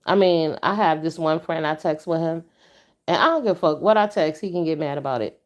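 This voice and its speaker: A woman hosts a casual livestream, chatting straight to her viewers. Her voice sits slightly low, and she is blunt, stern and profane, jumping up in pitch when she makes a point. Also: brisk. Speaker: livestream host.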